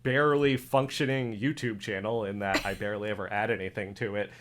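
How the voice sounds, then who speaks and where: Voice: medium pitch, steady tone, a little fast, slight background noise. A podcast guest chatting casually, hesitant and self-deprecating. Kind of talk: casual chat.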